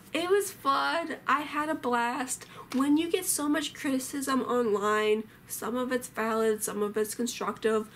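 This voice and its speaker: A woman in her thirties with a high, bright voice, chatting casually about her old videos. She is animated and sarcastic, tossing in quick wry asides. A faint hiss of background noise sits under her. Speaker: vlogger. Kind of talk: casual commentary on old clips.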